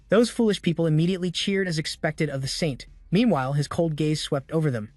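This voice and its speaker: A man's voice: on the high side, quick pace, few pauses, a little mellow, no echo, studio quality. Man narrating a story recap. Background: faint background music.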